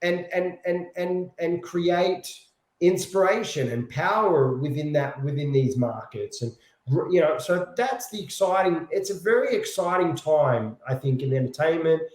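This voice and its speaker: A man talks casually and with animation as an interview guest, often repeating words while he thinks. His voice sits a little high for a man. The recording has a noticeable room echo. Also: lively intonation, measured pace. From Australia. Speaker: guest, pop singer. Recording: echoey room.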